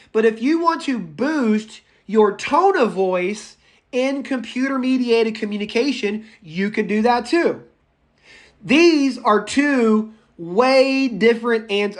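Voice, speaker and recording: A man's voice: high voice, measured pace. Chatty male public speaking teacher. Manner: chatty and animated, addresses students by name; goes off on tangents. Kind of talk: live class lecture.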